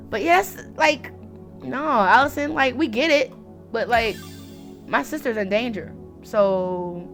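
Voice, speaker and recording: A young woman streaming a story game, chatting and reacting aloud in a rambling way. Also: mid-range voice. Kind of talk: casual game commentary.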